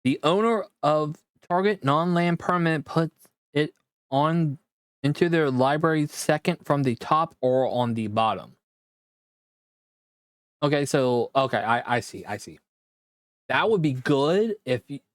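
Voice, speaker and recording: Man opening card packs in his room, reads text slowly and stumbles, dry close sound. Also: medium pitch, dry recording. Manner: reads card text aloud haltingly, with quick reactions. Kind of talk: casual card-pack opening commentary. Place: own room at home.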